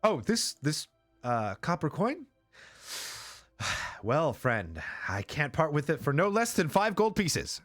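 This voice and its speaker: A man's voice: a little high, very animated, slow pace, a bit bright, faint music behind, voice pushed up, exaggerated voice. A man voicing an eager, fumbling traveling merchant in a tabletop game, with hesitant sales patter full of ums. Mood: chirpy.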